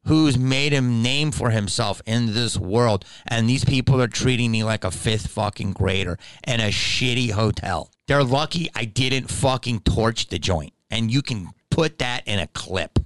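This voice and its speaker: A man's voice: medium pitch, measured pace, few pauses, dry recording. A man in his fifties hosting a podcast, telling a story as a heated, profane rant full of mockery. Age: 50s. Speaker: comedian podcast host.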